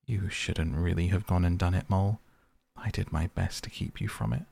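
A man's voice: low-pitched, steady tone, normal speed, creaky, warm tone, slightly rough, full character voice. A man voicing a good-natured, brave male water rat, reassuring and cheerful as he speaks to his frightened friend in a bedtime storybook reading. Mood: soothing.

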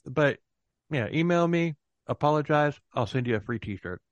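A man hosts a relaxed true-crime podcast conversation. His voice sits a bit high for a man and sounds close and dry. He keeps slipping in deadpan sarcasm and breaks into laughs. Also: normal speed, no room sound, muffled recording. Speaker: podcast host. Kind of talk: casual podcast chat.

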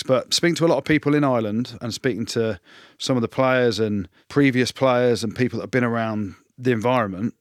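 A man from England with a lowish voice, recorded dry and close. He analyses rugby earnestly and with emphasis, then turns to joking and teasing his co-host. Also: no echo. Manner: earnest, emphatic analyst who jokes and teases. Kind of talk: casual sports analysis.

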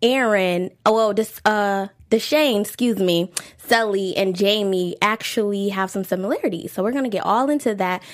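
A young woman hosting a casual TV recap show, bubbly and quick to laugh. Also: mid-range voice. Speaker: host.

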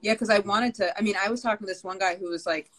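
Fast-talking woman guest. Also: medium pitch, fairly bright tone, rough recording. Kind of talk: casual chat.

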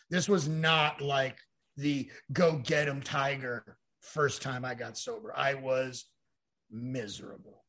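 Bright-voiced man telling his story frankly. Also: medium pitch. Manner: rambling, frank, swears, acts out quoted dialogue. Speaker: podcast guest. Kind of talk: candid personal storytelling.

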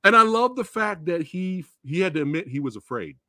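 A man's voice rises and falls all over the place as he rants with glee about movies he loves, dropping curses along the way. His tone is bright and forward, and the recording is dry and close, with almost no room sound. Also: high voice, brisk, dry recording. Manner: excitable, profane, acts out movie quotes. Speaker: podcast host. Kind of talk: casual movie chat.

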